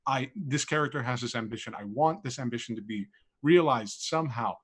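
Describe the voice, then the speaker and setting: A man's voice: medium pitch, fairly quick, fairly bright tone, husky. A man player reflecting casually on his character, thinking aloud and swearing now and then. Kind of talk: casual discussion.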